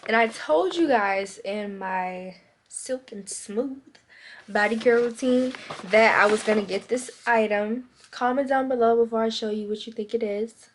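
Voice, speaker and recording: A young woman telling a story to her vlog audience in a casual, animated way, acting out both sides of a conversation. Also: fairly high pitch, measured pace. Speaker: vlogger.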